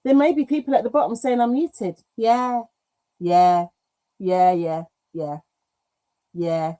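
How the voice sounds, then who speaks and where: A British woman hosting a craft livestream, chatting casually and reading comments aloud, self-mocking and quick to laugh, with an occasional cough. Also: mid-range voice, fairly even intonation, warm tone. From United Kingdom. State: coughing now and then.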